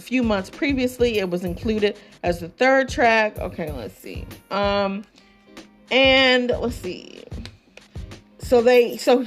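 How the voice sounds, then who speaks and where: A woman hosting a podcast, reviewing an album in loose casual chat, full of fillers and asides. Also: medium pitch. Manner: chatty, many fillers and asides, laughs at her own jokes. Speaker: podcast host.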